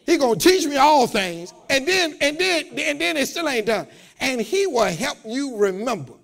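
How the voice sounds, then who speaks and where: High, lively preaching man. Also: moderate pace, gravelly. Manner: call-and-response preaching, rising to shouts; repeats words, talks straight to the congregation. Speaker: pastor. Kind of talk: sermon. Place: church.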